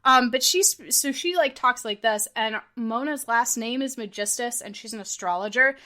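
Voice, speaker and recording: Bright-voiced woman rambling casually. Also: a little high, normal speed. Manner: rambling, fills speech with "like" and "um"; giggly and enthusiastic. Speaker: podcast co-host. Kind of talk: casual podcast chat.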